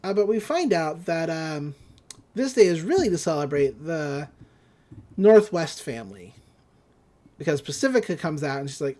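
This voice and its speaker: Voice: medium pitch, very animated, normal speed, pauses often, mellow. A podcast host casually recapping a cartoon episode, amused and rambling, slipping into quoted voices.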